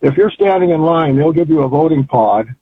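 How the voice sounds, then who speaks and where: A man's voice: a little high, expressive, a little fast, breathy edge. Older male caller on a tinny phone line. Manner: rambling, folksy and fervent. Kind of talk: phone-in chat.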